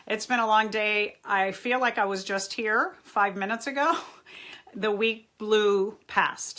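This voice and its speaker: A bright, crisp-voiced woman from Southern California hosts a casual live-stream chat from a library room at home. She is upbeat and hyper, greets viewers by name and laughs often as she talks straight to the camera. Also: mid-range voice. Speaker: therapist hosting a live chat.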